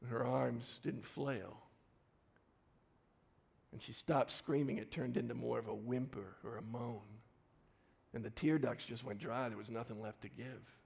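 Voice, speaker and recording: Gravelly-voiced pastor in an echoing church. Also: male voice, mid-range voice, steady tone, unhurried, a little mellow. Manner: vivid personal storytelling in short punchy phrases. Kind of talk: sermon.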